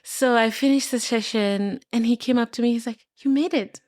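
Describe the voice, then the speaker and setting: A woman from Kenya chats as a podcast guest with a fairly high voice. She tells her stories with animation, laughs often and acts out the lines of the people in them. The recording is close and dry. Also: fairly even intonation, normal speed, darkish tone, no room sound. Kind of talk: casual storytelling chat.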